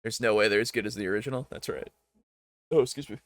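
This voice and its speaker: A man reacting to videos as host, arguing with what he hears in an animated, talkative way and laughing often. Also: fairly low pitch, fast. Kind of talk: casual reaction commentary.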